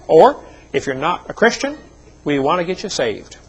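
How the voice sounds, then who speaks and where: A man's voice: fairly high pitch, big pitch swings, moderate pace, slightly rough, rough recording. A middle-aged man preaching a seminar sermon, telling personal stories in a folksy way with joking asides. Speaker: evangelist speaker.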